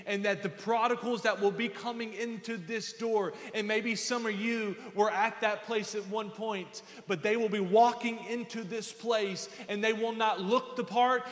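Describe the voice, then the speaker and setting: A man preaching a sermon in a church sanctuary, with a repetitive, impassioned cadence that swells into shouting. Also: high voice, steady tone, a little slow, hardly any pauses, a faint crowd. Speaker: pastor. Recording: echoey hall with faint congregation.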